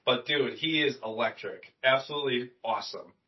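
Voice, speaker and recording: A young man co-hosting a casual movie podcast, relaxed and swearing, often trailing off with fillers. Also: mid-range voice, fairly quick. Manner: laid-back, swears freely, trails off with fillers. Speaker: podcast co-host. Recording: distant mic, dull lo-fi sound.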